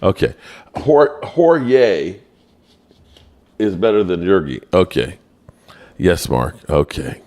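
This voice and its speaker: A man hosting a casual live-stream sports show, reading the chat aloud in a playful, self-mocking way. His voice leaps high when he gets exasperated. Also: animated, a little slow, a little mellow.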